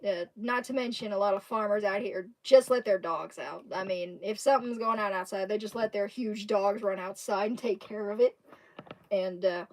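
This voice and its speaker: A woman's voice: mid-range voice, moderate pace, darkish tone. A young woman from Kentucky with a Southern accent, chatting casually with her stream viewers in a rambling way and laughing often. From Kentucky, USA. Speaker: live streamer.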